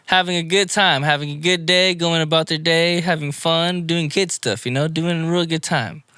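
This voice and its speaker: A man co-hosting a casual podcast, recapping anime episodes in a rambling, animated play-by-play. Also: on the high side, moderate pace, clean tone, no room sound, clean studio sound. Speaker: podcast co-host.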